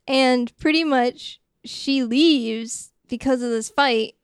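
A young woman co-hosting a podcast, recapping a movie in casual chat and slipping into quick voices of the characters. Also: high voice, clean tone, no room sound, clean studio sound. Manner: animated retelling with quick character voices and laughs. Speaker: podcast co-host.

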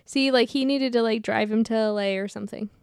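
A woman co-hosting a movie podcast, trading quick jokes in casual chat. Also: on the high side, steady tone, clear, resonant tone, no echo, studio quality. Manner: quick, joking banter. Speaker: podcast co-host.

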